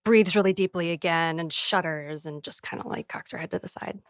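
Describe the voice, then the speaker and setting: A woman's voice: lowish voice, fairly quick, dry recording. A woman player in a tabletop game, talking casually and thoughtfully with hesitant fillers.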